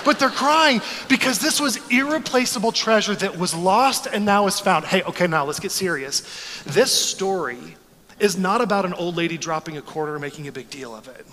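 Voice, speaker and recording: A man in his forties preaching a sermon, telling stories in an animated, joking way. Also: high voice, normal speed, long reverb tail. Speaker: pastor.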